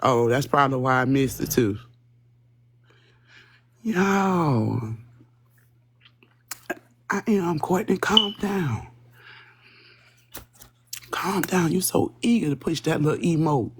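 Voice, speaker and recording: Hosting a live stream, a woman rambles from topic to topic, chatting profanely and casually right to her viewers. Her low, slightly rough voice is animated but slow, with long pauses.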